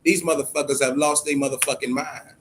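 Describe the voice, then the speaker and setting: A man's voice: medium pitch, fairly even intonation, brisk, a bit bright, a little hiss or hum. A man hosting a casual boxing livestream, talking loosely and profanely and greeting viewers in the chat by name. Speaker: boxing podcast host.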